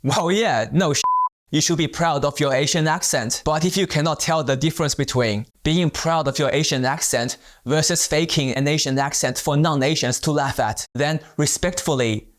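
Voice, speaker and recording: A man narrating a scripted commentary video in a blunt, measured, pointed way. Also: a little high.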